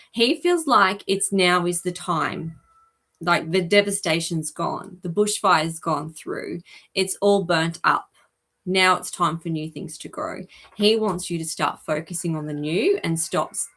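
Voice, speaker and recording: A gentle, chatty woman hosting a live-stream reading. Her voice sits a little low, and she fills her talk with soft ums and small asides to her viewers. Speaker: animal communicator hosting a live show.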